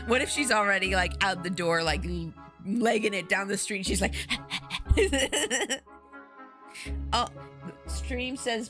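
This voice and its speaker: A woman's voice: medium pitch, slow, long pauses. A woman chatting casually on a game stream, giggly and talkative, addressing her viewers. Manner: giggly, chatty, talks to chat and her pet. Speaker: streamer reading a visual-novel game aloud. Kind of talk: casual live-stream chat. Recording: game music behind the voice.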